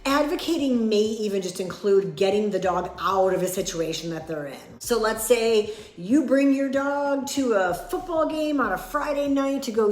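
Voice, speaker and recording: A woman's voice: fairly high pitch, a little mellow, roomy sound. A woman dog trainer giving earnest, plain-spoken advice and acting out sample replies. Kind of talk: instructional talk to camera.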